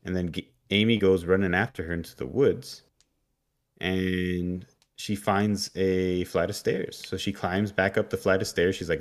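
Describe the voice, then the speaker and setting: A man's voice: sits low, fairly even intonation, measured pace. A man co-hosting a podcast, loosely retelling a story's plot with fillers and asides. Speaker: podcast co-host. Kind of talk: casual episode recap.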